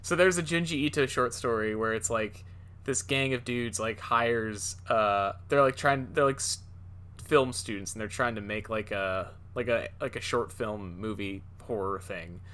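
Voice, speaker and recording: A man chatting on a casual podcast, his voice bright and forward. He rambles, restarting sentences and padding them with fillers. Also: fairly low pitch, unhurried. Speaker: podcast co-host. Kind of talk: casual chat.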